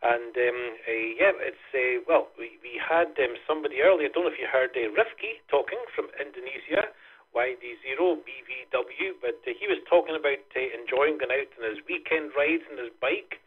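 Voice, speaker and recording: A man hosting an amateur radio net as net control, chatting warmly with fillers, slightly affected by a cough and hay fever. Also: medium pitch, fairly quick, breathy edge. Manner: friendly, chatty, frequent fillers. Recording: radio transmission, phone-like band.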